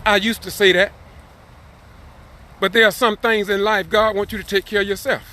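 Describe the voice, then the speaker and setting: A man preaching an impassioned message, repeating phrases and swelling into shouted cries. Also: high voice, little pitch movement, normal speed. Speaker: street preacher.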